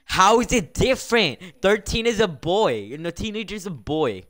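A man's voice: sits high, big pitch swings, moderate pace, fairly bright tone. A man live-streaming and running a game server, exasperated and scolding his players while laughing often. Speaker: livestreamer running a Minecraft server. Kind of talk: casual live-stream commentary.

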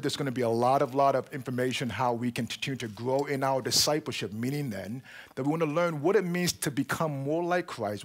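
A man, a pastor, welcoming the congregation and giving announcements, talking with many pauses and fillers. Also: medium pitch. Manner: warm, halting delivery with many fillers. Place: church auditorium.

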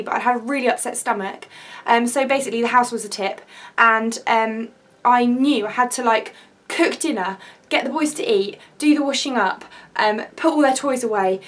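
Excitable high-voiced young woman vlogger. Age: 20s. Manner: chatty, excitable, rambling with fillers. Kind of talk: story time vlog.

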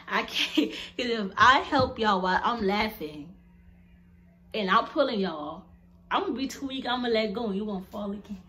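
A young woman vlogger chatting casually to her viewers, animated and blunt, laughing often as she tells stories. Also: medium pitch, normal speed.

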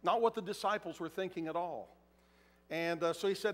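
A pastor delivers a relaxed, conversational sermon and slips into acted quotes. His voice is fairly high for a man. A long reverb from the big church auditorium trails each phrase. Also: a little fast. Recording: echoey hall.

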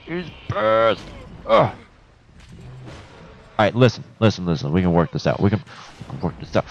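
A young man giving profane, excitable commentary while playing a video game, talking trash at enemies. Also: sits low, normal speed, creaky, long pauses, a little hiss or hum. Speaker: gameplay commentator. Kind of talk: let's play commentary. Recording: dull lo-fi sound.

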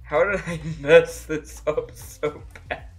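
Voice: mid-range voice, steady tone, takes it slowly. A livestreamer giving casual gameplay commentary, laughing often and breaking into frequent exclamations. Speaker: livestreamer playing a block-building game. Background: faint music playing.

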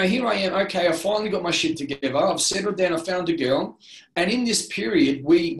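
Earnest Australian man, roomy echo. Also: on the high side. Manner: earnest, rambling, many restarts and "you know". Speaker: interview guest. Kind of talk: candid personal storytelling.

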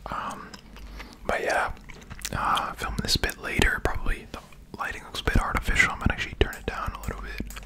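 Whispering man chewing gum. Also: a little fast. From England. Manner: whispering while chewing gum, rambling with many ums. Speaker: ASMR creator. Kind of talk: whispered ASMR ramble. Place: home room, lights turned down. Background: rain outside.

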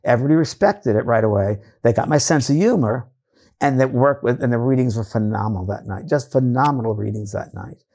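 In a casual interview, a middle-aged New York man who works as a psychic medium spins animated stories and performs the voices of other people. He speaks at a medium pitch and a fairly quick pace.

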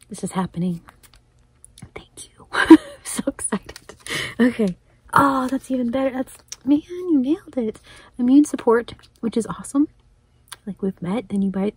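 A woman gushes and laughs her way through opening gifts in a casual crafting vlog. Her voice is soft-edged and husky with a mellow, dark tone. The sound is dry and close to the mic. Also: medium pitch, no room sound. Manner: excited, gushing, laughs often. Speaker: crafting vlogger. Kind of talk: casual unboxing chat.

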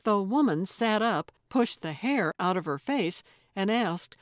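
A woman narrating a cozy mystery audiobook in a measured, storytelling manner. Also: mid-range voice, animated, dry recording, clean studio sound. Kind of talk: scripted narration.

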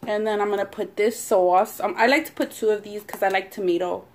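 A woman's voice: medium pitch, steady tone, brisk, a little hiss or hum. A young woman vlogger and mother who chats casually and swears a lot while eating on camera. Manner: chatty, swears a lot, rambling. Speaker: mukbang vlogger. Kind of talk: casual eating-show chat.

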